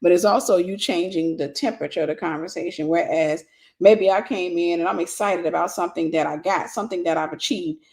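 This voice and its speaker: A woman's voice: on the low side, a little mellow. Woman teaching, repeating phrases for emphasis. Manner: conversational, with casual fillers. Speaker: ministry host and teacher. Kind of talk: informal spoken teaching.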